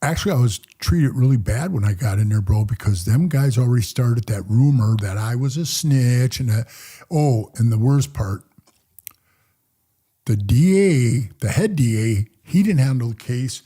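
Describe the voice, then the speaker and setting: A middle-aged man with a husky, gravel-edged voice swaps rough stories in a casual interview. His tone sits low and mellow, and he is blunt, streetwise and full of profanity. He often sinks into quiet mutters when he replays old conversations. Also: expressive, normal speed. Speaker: podcast guest.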